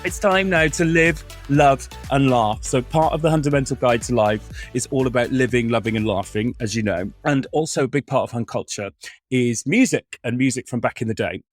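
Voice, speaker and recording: A man's voice: medium pitch, a little fast, a little mellow, soft background music. A man hosting a casual podcast chat, camp and playful, slipping into sung snatches and impressions. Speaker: podcast host.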